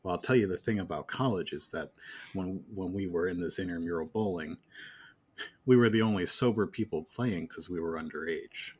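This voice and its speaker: A man's voice: sits low, fairly quick, darkish tone, breathy edge. A man playing a tabletop role-playing game, explaining the rules and speaking in character in a dry, matter-of-fact way. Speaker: player.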